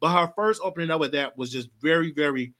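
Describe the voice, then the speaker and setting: A man's voice: on the high side, fast, bright, forceful tone. A man hosting a live stream, giving casual, emphatic political commentary and swearing now and then.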